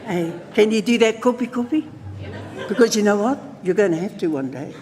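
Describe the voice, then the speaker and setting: A woman's voice: mid-range voice, animated, a little fast, a little mellow. A woman with a New Zealand accent, speaking at a conference in a playful, engaging way and calling out to the audience. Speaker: conference speaker teaching traditional singing. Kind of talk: spoken talk with sung demonstrations. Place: conference hall. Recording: long hall reverb, faint ambience.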